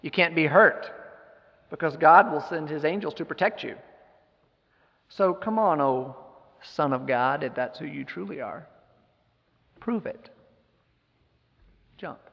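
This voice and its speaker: A man's voice: fairly high pitch, takes it slowly, gravelly, long pauses, in a large hall, dull audio. A man preaching who voices a taunting male devil that goads and tempts in the desert. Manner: mocking, goading, wheedling.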